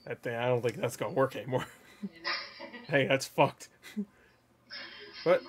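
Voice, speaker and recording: A man hosting a casual meme reaction video, laughing, swearing often and bursting into loud exclamations. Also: medium pitch, a little slow, slight background noise. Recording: loud music playing behind the voice.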